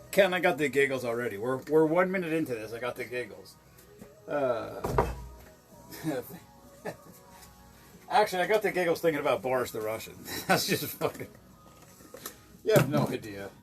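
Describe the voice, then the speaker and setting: A slightly drunk man chats loosely from behind his home bar, cursing freely and drifting from one story to the next. His voice sits at an ordinary middle pitch, with faint music playing behind him. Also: expressive, normal speed, pauses often. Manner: profane, rambling, giggly storyteller. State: tipsy. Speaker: show host mixing drinks. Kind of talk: casual chat.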